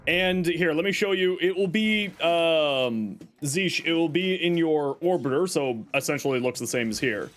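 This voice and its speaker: A man streaming a game live, answering chat questions and walking viewers through menus, hedging with frequent fillers. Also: a little high. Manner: hedging, unsure of old details.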